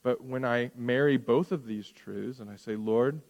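A middle-aged man preaching a sermon as pastor, talking conversationally with rhetorical questions and moving between loud emphasis and hushed asides. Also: medium pitch, moderate pace, highs cut off. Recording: long hall reverb.

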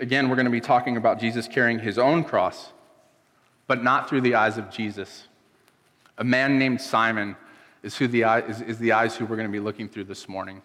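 A pastor giving a casual, emotional sermon, telling the story loosely and dropping soft when moved. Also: male voice, on the low side. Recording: long hall reverb.

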